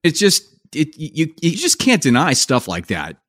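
A man's voice: a little high, huge pitch swings, moderate pace, a bit bright. A man hosting a podcast, reacting to his guest and asking long, rambling questions that restart midway. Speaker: podcast host.

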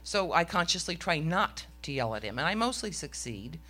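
A woman's voice: low voice, sing-song, normal speed, pushed and bright. A middle-aged woman telling a story on stage to a live audience, with a wry, self-mocking comic delivery.

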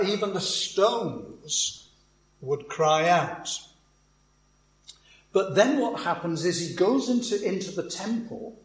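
A male preacher speaks in a loose, conversational way, often restarting phrases and adding asides to his listeners. His voice sits a little high for a man. The room adds a clear echo around him. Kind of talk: sermon.

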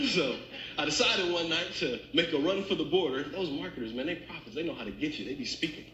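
A male pastor preaching in a church, bright and forceful in tone, chatting with his congregation as he tells funny stories. His voice rings through a roomy sanctuary with plenty of echo. He keeps the delivery animated and conversational. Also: a little high, fairly quick, a little hiss or hum. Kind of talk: storytelling sermon with humor.

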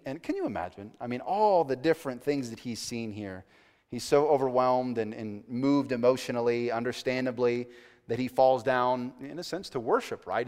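A man preaching a sermon as pastor, earnest, rising to emphatic swells and dropping to quiet asides. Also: medium pitch. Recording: long church reverb.

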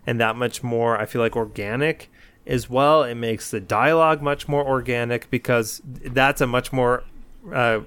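A man co-hosting a podcast, telling an animated story in casual chat and acting out his own lines. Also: mid-range voice, measured pace, clean tone, no echo. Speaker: podcast co-host.

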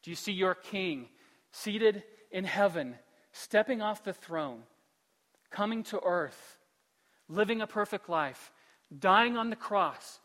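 A male pastor delivers a sermon in a church sanctuary, his voice high and sharply bright. He swings from soft, earnest pleading to loud, animated storytelling. A long hall reverb trails every phrase. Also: slow pace.

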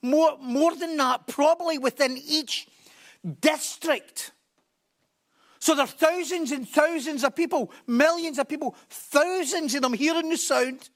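A man's voice: very high-pitched, a little slow, a bit bright. A man preaching a sermon, emphatic and repeating key phrases for stress.

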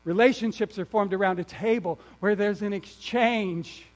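Pastor guy preaching, pretty high voice, gets loud then goes quiet, repeats himself a lot, some hum behind. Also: normal speed. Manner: rises to emphatic near-shouting, drops to quiet asides; repeats words and restarts phrases. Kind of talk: sermon.

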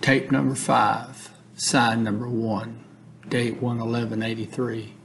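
A male narrator with a gravelly, creaky voice reads out case-file details. His delivery is plain and matter-of-fact, with no dramatic flourish. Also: medium pitch, level tone, slow pace, fairly bright tone, slight background noise. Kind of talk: reading a case transcript aloud.

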